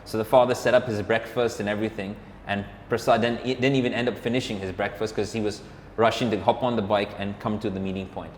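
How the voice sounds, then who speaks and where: This podcast co-host and motorcyclist has a lowish voice with fairly even intonation, and he talks fast. His story wanders, heavy on "like" and "or whatever," and he performs other people's lines himself. The room is roomy and reverberant, with a faint hum in the background.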